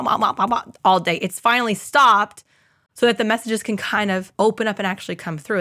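A woman's voice: medium pitch, a bit bright, no room sound. Earnest woman podcaster, dry sound. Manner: earnest storyteller, acts out quoted voices. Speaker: podcast host. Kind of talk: casual spiritual podcast talk.

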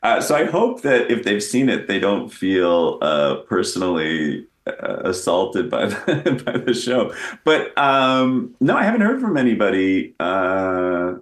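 A man's voice: deep voice, sing-song, a little slow, roomy sound. A man talking as a guest in a casual interview, rambling and self-deprecating, with many restarts. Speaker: guest actor.

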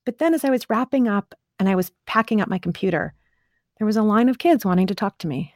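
This woman, a motivational speaker, speaks in a mid-range voice that's expressive, fast and somewhat dark in tone. She casually recounts a personal story to camera, earnest and chatty, full of "like" and "right?", in a studio recording with no echo.

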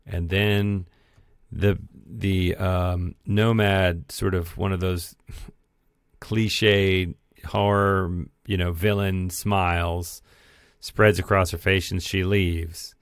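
A man with a very deep voice talks slowly and deliberately as he walks through his take on a film. The sound is dry and close, with no room around it. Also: clean tone, no room sound. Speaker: podcast co-host. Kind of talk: casual film review chat.

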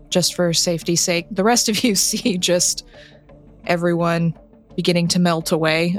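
A woman narrating a tabletop role-playing game as game master, relaxed and conversational, laughing easily. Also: on the low side.

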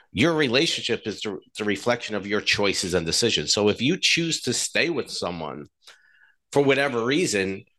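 Middle-aged male co-host, deep low voice, earnest and frank, storytelling. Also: a bit bright. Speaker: podcast co-host. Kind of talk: casual relationship talk.

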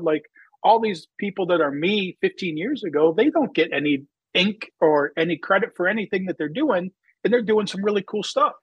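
In a casual, rambling interview chat packed with fillers, a man who races drag cars and founded a magazine recounts his story, livening up when he quotes himself. He has a husky voice on the high side, and the recording is muffled, with no room sound.

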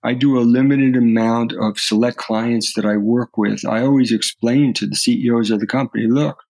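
A man's voice: mid-range voice, fairly even intonation, moderate pace, a little mellow, no room sound, poor audio. A middle-aged man, a podcast guest, telling personal stories earnestly and often restarting his words. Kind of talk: earnest storytelling in conversation.

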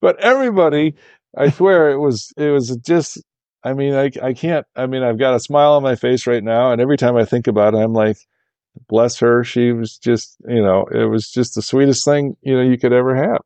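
A man's voice: mid-range voice, a little fast, a little mellow, no room sound. A man, a golf course architect, telling a long, rambling anecdote in a casual interview and livening up when he quotes other people. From Michigan, USA.

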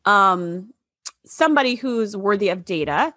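A woman's voice: mid-range voice, unhurried, no echo, studio quality. A young woman co-hosting a casual chat, talkative and full of "like" asides. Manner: chatty, frequent "like" fillers, lively asides. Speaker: podcast co-host.

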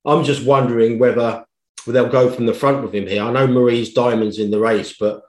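A man giving a detailed, thoughtful betting analysis as a racing tipster, pausing on fillers as he reasons. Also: medium pitch, steady tone. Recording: roomy echo.

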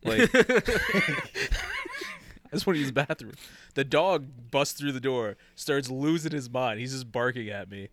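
A man tells a rambling story in easy, casual chat, slipping into quoted voices and breaking into laughter. His voice sits in a middle pitch. The sound is dry and close. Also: unhurried, pauses often, dry recording. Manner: animated, acts out quoted voices, laughs often.

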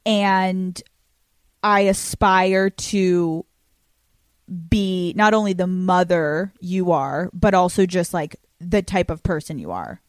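A woman's voice: on the low side, dry recording. Brash, profane young-sounding woman host. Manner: brash, profane, quick and laughing. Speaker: podcast host. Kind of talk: casual chat.

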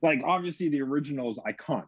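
A podcast co-host rambles through a casual horror film chat, full of fillers and restarts. His voice is on the high side, expressive, rapid-fire and breathy, with no echo and a dull, dry lo-fi sound.

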